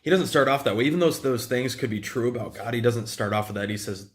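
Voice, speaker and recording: A man's voice: mid-range voice, fast, few pauses. A man giving a casual, conversational sermon with many fillers and restarts. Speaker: preacher.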